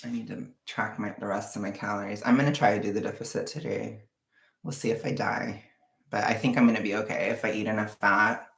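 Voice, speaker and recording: A woman's voice: rumbling low, fairly even intonation, fairly quick, creaky, reverberant. A woman with a Californian accent chatting casually with her livestream viewers, rambling, sighing and venting with frank frustration. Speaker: vlogger chatting with a live audience.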